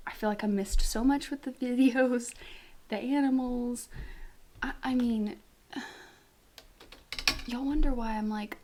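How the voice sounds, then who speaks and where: A woman hosting a casual reaction vlog, talking in a slightly high voice. She rambles and jokes about herself, often sinking into a soft whisper or cooing baby talk to her pets. Faint clicking sounds run in the background. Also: unhurried, long pauses, slight background noise. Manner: chatty and self-deprecating, often dropping to a soft whisper. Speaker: reaction video host.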